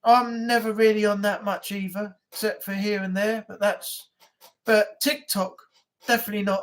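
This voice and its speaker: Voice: medium pitch, fairly bright tone. A livestream host, chatting casually and rambling through anecdotes, often laughing at their own stories. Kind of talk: casual live chat.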